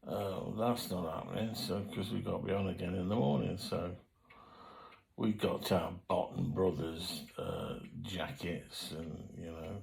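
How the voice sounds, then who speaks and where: Gravelly older man reminiscing. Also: deep voice, steady tone, measured pace, darkish tone, poor audio. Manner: rambling, colloquial, frequent fillers and self-corrections. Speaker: memoir storyteller. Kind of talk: casual spoken memoir.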